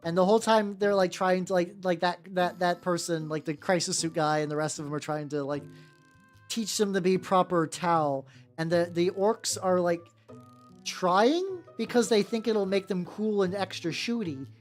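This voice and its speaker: A woman with a gentle, relaxing voice chatting casually on a stream while painting miniatures, rambling with lots of restarts and casual swearing. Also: on the low side, steady tone, moderate pace. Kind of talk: casual chat. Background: faint background music.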